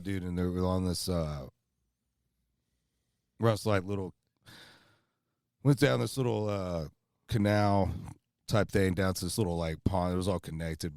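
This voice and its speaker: A man telling a rambling, animated story in casual talk outdoors by a fire, full of "bro" and "dude". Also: deep voice, no room sound, clean studio sound. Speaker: podcast co-host.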